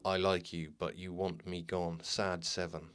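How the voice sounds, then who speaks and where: A terse, ominous male spirit speaks in broken fragments through a ouija board, voiced by a man. The delivery is very low and quiet, dropping each word flatly. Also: measured pace, smooth. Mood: cryptic.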